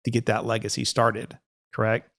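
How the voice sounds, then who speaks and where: A man's voice: medium pitch, monotone, normal speed, creaky, fairly bright tone. A chatty male financial advisor. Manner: conversational, laughs often, frequent restarts. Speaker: financial advisor, podcast host. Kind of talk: casual advisory podcast chat.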